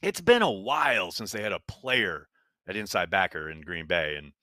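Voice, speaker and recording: A man's voice: low-pitched, animated, moderate pace, sharp tone, no room sound. A man co-hosting a casual sports podcast, talking emphatically with frequent exclamations. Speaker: podcast co-host.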